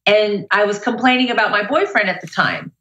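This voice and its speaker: A middle-aged woman with a bright, forceful voice tells a lively story as a motivational speaker. She sounds upbeat and energetic, and her voice carries through an echoey room. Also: medium pitch, brisk, dull audio. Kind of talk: casual interview storytelling.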